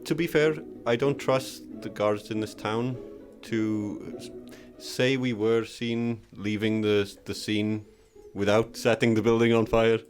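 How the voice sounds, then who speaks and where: A British man playing a tabletop game, speaking calmly and plainly in character. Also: on the low side, measured pace, faint music behind. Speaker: player.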